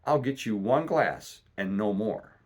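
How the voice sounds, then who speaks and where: A man's voice: fairly low pitch, lively intonation, measured pace, darkish tone. A man voicing an earnest young boy who speaks politely but firmly, reading a storybook aloud.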